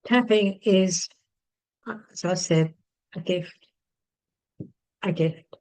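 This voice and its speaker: Low-voiced woman leading a healing session. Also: drawn-out words, a little mellow, rough recording. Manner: repetitive soothing affirmations, then chatty with fillers and laughs. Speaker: EFT healing teacher. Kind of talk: guided tapping session and casual talk.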